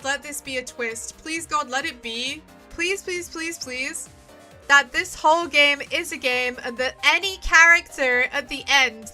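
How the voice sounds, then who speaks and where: A woman's voice: sits high, bright, forceful tone. A woman streamer giving live commentary on a story game, ranting in exasperation, swearing and pleading at the screen. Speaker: streamer playing a visual novel. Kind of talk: live let's-play commentary.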